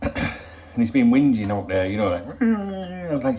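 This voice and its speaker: A man's voice: mid-range voice, big pitch swings, moderate pace, dark tone, a little hiss or hum. Swearing, joking man vlogging at home. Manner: chatty and joking, swears freely. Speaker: football channel host. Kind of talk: casual rambling vlog chat.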